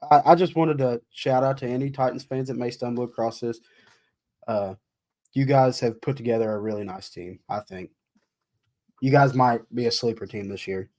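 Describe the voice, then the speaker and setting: A man's voice: mid-range voice, moderate pace, a little mellow. Easygoing man co-host chiming in. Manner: easygoing, chiming in with short agreements. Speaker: podcast co-host. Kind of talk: casual mock-draft chat.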